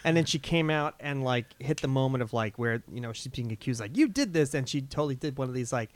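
A male comedian, a guest, chatting casually and telling stories with lively mimicry. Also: medium pitch, quick pace. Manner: animated storyteller who mimics others with big yells. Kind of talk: casual chat.

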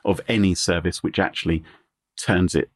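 A man's voice: low voice, steady tone, normal speed, slightly rough, no echo, studio quality. A man co-hosting a podcast, chatting casually and laughing often. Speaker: podcast co-host. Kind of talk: casual chat.

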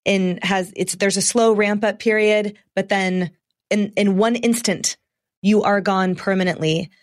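A woman interviewer asking measured, probing questions, with a few restarts. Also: medium pitch, fairly even intonation.

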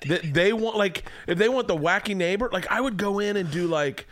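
A man's voice: high-pitched, brisk, fairly bright tone, no echo. A man hosting a podcast, chatting casually and telling stories, swearing freely and laughing as he talks. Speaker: podcast host. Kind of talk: casual chat, storytelling. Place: home man cave.

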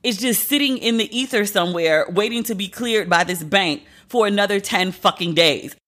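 Bright-voiced woman podcast host. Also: mid-range voice. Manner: candid, profane, exasperated storytelling. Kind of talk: casual solo podcast monologue.

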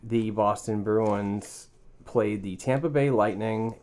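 A man's voice: lowish voice, slow pace, darkish tone. Chatty New England man hosting a podcast. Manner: loose and chatty, with repeated restarts. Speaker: podcast host. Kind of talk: casual sports chat. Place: home podcast studio.

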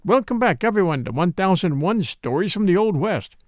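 A man hosting a show and reading a classic western novel aloud in an expressive storytelling manner. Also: sits high, fairly quick, music in the background. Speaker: host and audiobook narrator.

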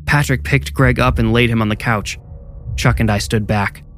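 A man narrating a scripted first-person horror story in a measured, low-key way. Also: steady tone, a bit bright. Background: music.

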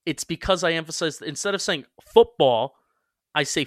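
A young man co-hosting a sports podcast, talking casually with quick restarts and self-mocking asides. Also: on the high side, fairly bright tone, no echo, clean studio sound. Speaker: podcast co-host.

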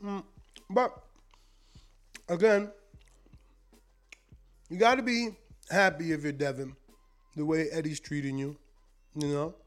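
A man with a fairly high voice hosts a live boxing stream. He talks in loose casual chat, stumbling over repeated words as he reads chat comments aloud. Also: a little slow, long pauses, soft background music. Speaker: boxing show host.

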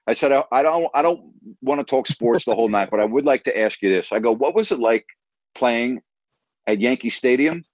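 A man from New York, a TV sports announcer, telling an animated story in casual conversation and acting out the quotes. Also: mid-range voice, brisk, dry recording, dull audio. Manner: animated anecdote teller, acts out quotes.

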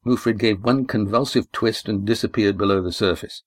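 A man narrating an adventure story at a steady, measured pace. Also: fairly low pitch, dry recording. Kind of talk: audiobook narration.

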